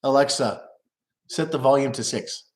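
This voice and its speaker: A man's voice: medium pitch, normal speed, echoey room. A middle-aged man casually telling rambling stories at home, profane and loose, laughing at his own jokes. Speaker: live streamer.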